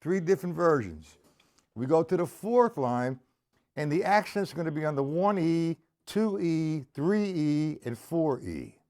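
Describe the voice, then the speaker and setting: A man's voice: on the high side, lively intonation, measured pace, darkish tone. A man teaching drums on a live stream, explaining step by step and talking straight to viewers by name in a blunt, informal way. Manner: blunt and informal, with the odd curse. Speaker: drum teacher. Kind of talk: live-streamed drum lesson.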